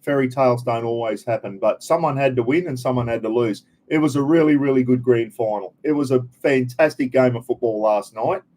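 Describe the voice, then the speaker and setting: An older Australian man hosts a relaxed live stream. He talks in a chatty, blokey way, greets his viewers one by one and drops casual slang. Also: mid-range voice, brisk, few pauses, low-quality recording. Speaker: livestream host.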